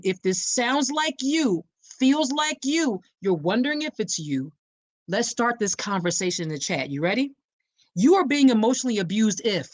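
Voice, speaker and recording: A woman hosting an awareness podcast. She preaches straight to her listeners, calls them y'all, and lands her points with punchy emphasis and dramatic pauses. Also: mid-range voice, dry recording. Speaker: podcast host.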